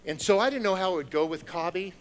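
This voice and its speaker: A man giving a sermon through personal stories, moving from hushed storytelling to loud, excited preaching before a congregation. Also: high voice, fast talker, slight background noise, poor audio. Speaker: lay speaker. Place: church sanctuary with a congregation.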